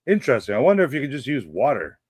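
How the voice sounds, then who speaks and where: A man hosts a casual after-show chat at an ordinary middle pitch. He keeps things easygoing and laughs often, with his voice sounding dry and close, without room echo. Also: sing-song, very fast, slightly rough. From Canada. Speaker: show host.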